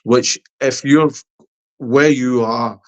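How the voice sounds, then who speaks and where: A man's voice: mid-range voice, steady tone, takes it slowly. A Scottish man chatting over beers, a bit tipsy, rambling and swearing with lots of emphatic repetition. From Scotland. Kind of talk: casual chat over beers.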